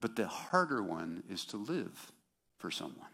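A man's voice: lowish voice, very animated, unhurried, creaky, sharp tone, husky. Chatty man preaching a sermon. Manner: conversational and self-deprecating, with sarcastic mock quotes.

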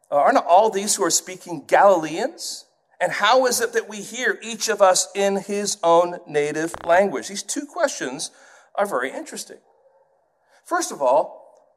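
High-voiced English-raised male preacher. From England. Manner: animated, puts on accents to illustrate points. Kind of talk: sermon.

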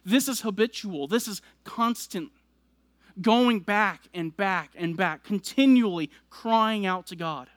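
A man's voice: high-pitched, slow, no echo. A man preaching a sermon, explaining scripture verse by verse and building emphasis as he goes. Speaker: pastor.

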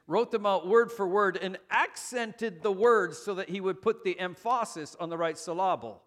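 A man's voice: high voice, normal speed, hardly any pauses, fairly bright tone. Conversational male pastor preaching. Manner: self-deprecating, conversational preaching with fillers. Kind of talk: sermon.

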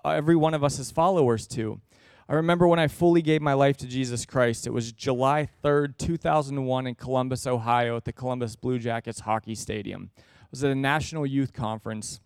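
A man's voice: medium pitch, smooth, dry recording, clean studio sound. A man in his thirties preaching a sermon in an earnest, conversational way, acting out everyday exchanges.

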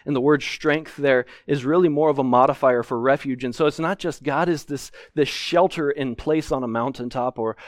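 This pastor, medium-pitched and recorded dry at studio quality, delivers an expository sermon from a sanctuary pulpit. He lays out scripture with earnestness and emphasis.

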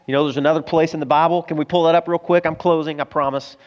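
A man's voice: on the high side, fairly even intonation, quick pace, lo-fi sound. A middle-aged man preaching a sermon as pastor, earnest and emotional, telling stories to his congregation. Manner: earnest, emotional storytelling, addresses crowd as guys.

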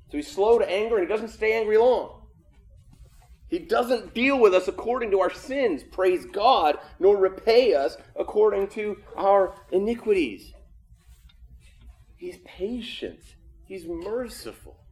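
Earnest pastor preaching, raised pitch. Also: male voice, animated, measured pace. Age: adult with children. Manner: conversational and earnest, swinging from loud emphasis to hushed. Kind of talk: sermon.

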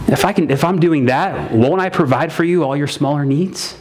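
A man with a somewhat high voice preaches a sermon as pastor. He says each phrase twice for weight and keeps calling out to his listeners as guys and man. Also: moderate pace, hardly any pauses, darkish tone.

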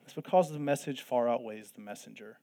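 A man's voice: medium pitch, fairly quick, gravelly, warm tone. A man preaching a sermon in an earnest way, repeating phrases for emphasis. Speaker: pastor.

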